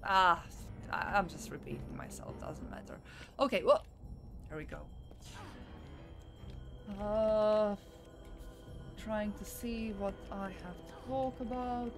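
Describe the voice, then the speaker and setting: A woman's voice: mid-range voice, takes it slowly, pauses often, soft background music. A woman streaming a video game, chatting casually and thinking aloud as she plays, a little tired. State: slightly tired. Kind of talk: casual gameplay commentary.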